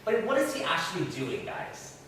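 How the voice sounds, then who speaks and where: Animated man teaching, very echoey room. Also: on the high side, moderate pace, a little hiss or hum. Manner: questions the class, animated and chatty. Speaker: Bible class teacher. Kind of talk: interactive Bible teaching. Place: church meeting room. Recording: very echoey room, far from mic.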